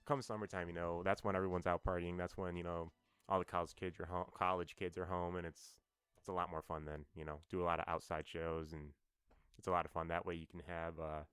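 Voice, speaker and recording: Deep-voiced rambling bassist. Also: male voice, flat delivery, a little fast, a bit bright, clear, resonant tone, no room sound, soft background music. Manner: rambling storyteller, many fillers. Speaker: band bassist guest. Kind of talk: casual podcast interview. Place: New York.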